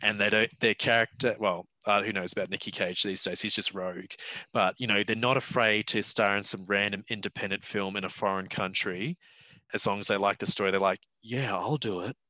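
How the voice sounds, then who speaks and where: A man's voice: on the low side, fairly even intonation, brisk, bright, forceful tone, no echo. A man hosting a podcast, rambling through casual film chat, laughing and swearing freely. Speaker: podcast host.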